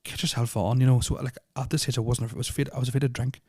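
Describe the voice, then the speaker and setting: A man's voice: mid-range voice, level tone, rapid-fire, warm tone, slightly rough, no echo, clean studio sound. A young man, telling a personal story on a podcast in a rambling, nervous way, full of fillers and swearing. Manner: nervous, uneasy retelling. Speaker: podcast host. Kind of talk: casual storytelling of personal experiences.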